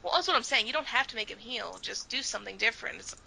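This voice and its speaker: Woman co-host, casual and blunt, fry-heavy voice sitting a bit high. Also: animated, fast, crowd noise, rough recording. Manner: blunt, exasperated, swears freely, laughs often. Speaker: podcast co-host. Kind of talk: casual chat.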